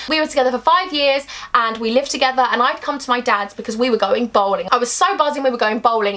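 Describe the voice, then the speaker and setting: A woman's voice: fairly high pitch, a bit bright. A young woman from England telling a chatty, emphatic storytime vlog, acting out bits of dialogue. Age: young adult. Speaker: vlogger.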